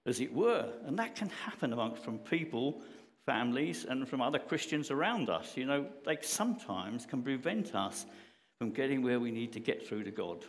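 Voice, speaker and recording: Male preacher giving a sermon, pitch bouncing all over, talks earnest and chatty, big church echo. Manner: earnest, conversational, with rising emphasis on questions.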